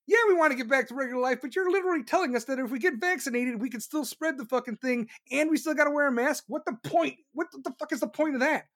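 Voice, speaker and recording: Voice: high-pitched, animated, rapid-fire, hardly any pauses, fairly bright tone. A host delivering a heated, profane rant, sarcastic and repetitive, mocking officials with put-on voices. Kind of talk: profane ranting commentary.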